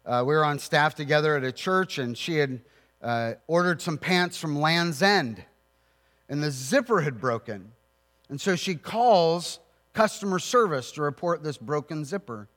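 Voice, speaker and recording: A male pastor with a high voice delivers an earnest sermon, breaking into storytelling asides. His voice rings out with a long reverb, as in a large hall. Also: animated, a little slow, fairly bright tone.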